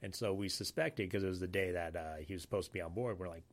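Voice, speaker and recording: A man from Alaska, a Navy sailor, telling a story in casual talk, halting and full of fillers. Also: low voice. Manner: rambling, halting, many fillers. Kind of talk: casual spoken anecdote.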